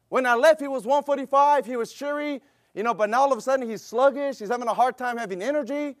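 A man's voice: very high voice, fast, dry recording, clean studio sound. A middle-aged man preaching a sermon with a fervent, repetitive cadence and rhetorical questions, mixing exhortation with a personal story. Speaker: pastor.

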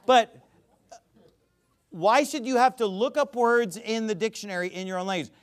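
A man's voice: high-pitched, moderate pace. A man giving a ranting commentary, emphatic and sarcastic, who often stammers and restarts his sentences. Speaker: religious commentator.

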